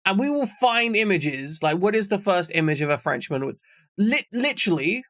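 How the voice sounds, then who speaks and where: A man's voice: sits high, sing-song, moderate pace, fairly bright tone, dry recording, studio quality. A man streaming live, chatting casually with viewers in a rambling, jokey way and swearing freely.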